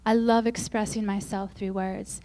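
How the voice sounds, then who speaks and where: A woman speaking at a Christian women's conference, telling self-mocking, humorous stories and acting out quoted lines in a higher, louder voice. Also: level tone, normal speed. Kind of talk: faith-based conference talk.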